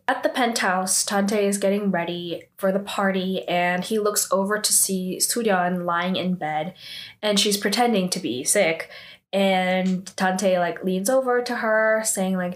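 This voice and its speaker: A woman's voice: medium pitch, a little slow. Chatty woman casually recapping a drama. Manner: loose and chatty, full of "like" and "um" fillers; adds her own asides and opinions.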